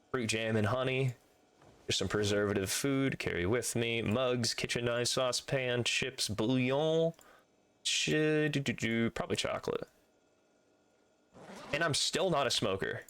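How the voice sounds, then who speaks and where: A man's voice: medium pitch, unhurried, fairly bright tone, slight background noise. A man streaming a video game live, chatting casually with viewers and swearing freely as he plays.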